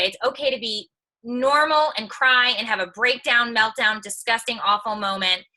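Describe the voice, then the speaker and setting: A woman speaks on a live video stream with a very bright, sharp tone and a fairly high voice. She tells stories in a chatty, candid way with a streak of humor, giving a motivational talk to fellow moms. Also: rough recording. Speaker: online video creator and mom.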